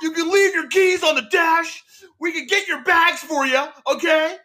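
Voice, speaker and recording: This is an awkward male hotel supervisor, put on by a man with a socially clumsy streak. He squeaks his welcome far higher than a normal speaking voice. He recites it loudly, as if reading from a script. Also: moderate pace. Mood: stiff chirpy. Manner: high-pitched, stiff, scripted, loud.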